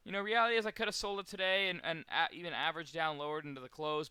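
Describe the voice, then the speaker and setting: A man's voice: medium pitch, bright, forceful tone, clear, resonant tone, dry recording. A man casually recapping his trading day to viewers, rambling with many fillers and restarts.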